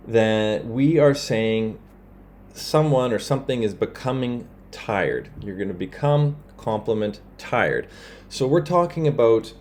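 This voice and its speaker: A man teaching a grammar lesson over slides, explaining in a relaxed way with fillers and quick self-corrections, and saying example phrases in another language. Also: mid-range voice, a little hiss or hum.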